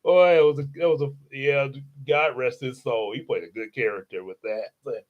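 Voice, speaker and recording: A man reading a children's novel aloud in a casual way, with chatty asides to his listeners. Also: medium pitch. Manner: chatty asides, laughing, unhurried. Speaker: storyteller. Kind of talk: casual storybook read-aloud.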